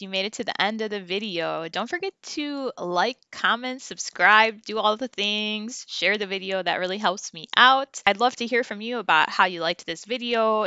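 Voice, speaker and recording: Woman language teacher, slow and clear, smooth bright voice, dry lo-fi recording. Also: mid-range voice, no echo. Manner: slow, clear drilling of syllables for learners to repeat. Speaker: Spanish teacher. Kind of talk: online language lesson.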